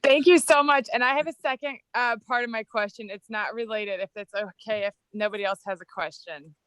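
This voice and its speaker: Bright, chatty American woman. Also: on the high side, fairly quick, smooth, no room sound, low-quality recording. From United States. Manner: chatty, slangy, animated. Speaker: class participant asking a question. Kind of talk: casual question on a group call.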